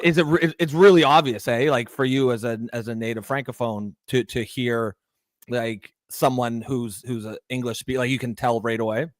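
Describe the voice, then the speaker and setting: A man's voice: medium pitch, dry recording. Hesitant man reading chat. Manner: hesitant, filler-heavy, reads chat comments. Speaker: podcast co-host. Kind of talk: casual political chat.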